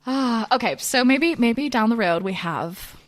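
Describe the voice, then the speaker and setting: A woman's voice: fairly high pitch, animated, unhurried, no room sound. A woman co-hosting a comedy podcast, chatting casually and playfully, often giggling. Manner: giggly, playful, puts on silly voices. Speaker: podcast co-host. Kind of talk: casual improv comedy chat.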